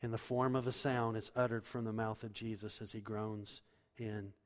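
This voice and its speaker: A man's voice: fairly low pitch, level tone, moderate pace. Impassioned male preacher in a reverberant hall. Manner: impassioned preaching, swinging from loud emphasis to hushed tones. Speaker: pastor. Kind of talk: sermon.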